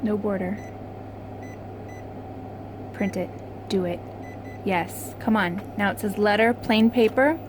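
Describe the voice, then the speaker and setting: A woman's voice: medium pitch, slow, pauses often, background noise. A young woman vlogging casually to camera, frustrated and swearing at her printer. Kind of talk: casual vlog talking to camera.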